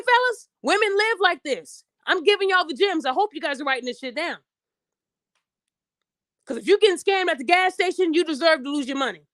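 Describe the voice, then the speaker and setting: Podcast host, young woman, AAVE, high voice, blunt and lecturing, dry close sound. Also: a bit bright, dry recording. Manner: blunt, preachy, addresses listeners directly, acts out quoted voices. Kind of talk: opinionated podcast monologue.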